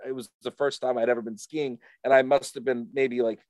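A man casually telling a rambling, animated story full of fillers to a friend. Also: mid-range voice, fairly quick, no echo. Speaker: storyteller in a chat.

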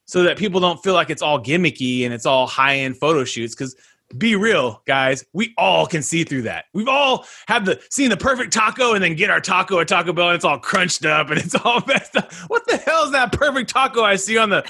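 Man, podcast host, casual energetic chat, bright tense voice, slightly high. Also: brisk, gravelly, slightly rough. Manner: energetic, slangy, says dude and guys a lot.

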